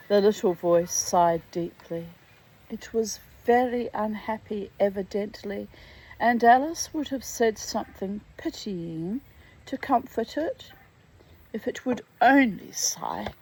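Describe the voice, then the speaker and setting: A woman reading a storybook aloud in an expressive, drawn-out way. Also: mid-range voice, husky, low-quality recording. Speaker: reader.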